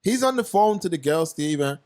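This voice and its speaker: A young man with a London accent, hosting a casual talk show and telling stories in animated slang. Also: on the high side, a little fast. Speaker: podcast host. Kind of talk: casual commentary chat.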